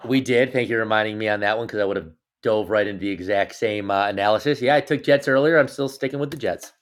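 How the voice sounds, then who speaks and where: With a lowish voice and a fast way of talking, this man co-hosts a laid-back sports podcast. He's playful and jokey, teasing the others throughout.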